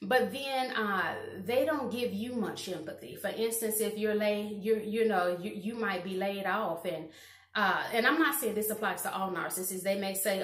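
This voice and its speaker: A woman's voice: mid-range voice, normal speed. A woman vlogger giving casual advice to camera in an earnest, rambling way with many restarts. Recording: roomy echo.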